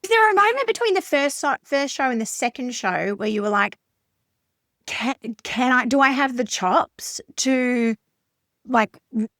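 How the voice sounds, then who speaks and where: Higher-voiced woman host interviewing. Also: lively intonation, a little slow, fairly bright tone, no echo, clean studio sound. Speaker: podcast host. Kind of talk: casual conversational interviewing.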